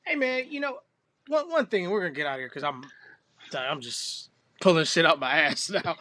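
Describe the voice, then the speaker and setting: A man's voice: fairly high pitch, lively intonation, fairly quick, sharp tone. A man co-hosting a casual podcast, joking loosely and teasing his partner. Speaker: podcast co-host. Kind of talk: casual chat.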